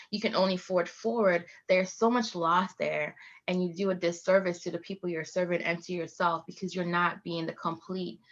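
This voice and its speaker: A woman speaking at an online leadership conference, talking in a lively way and laughing often. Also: lowish voice, highs cut off. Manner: lively, laughing, animated storytelling. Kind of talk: live online presentation.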